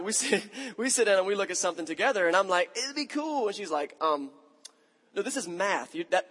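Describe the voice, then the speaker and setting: A man's voice: high voice, fairly bright tone. A man in his thirties preaching a sermon, telling a story about himself in a conversational, self-mocking way. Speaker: pastor. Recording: long hall reverb.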